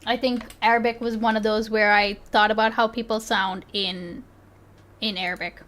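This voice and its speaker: A woman's voice: medium pitch, level tone, moderate pace, a bit bright, slight background noise. A woman streamer chatting casually, constantly restarting and interrupting herself. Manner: self-interrupting, frequent restarts and laughs. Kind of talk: casual chat.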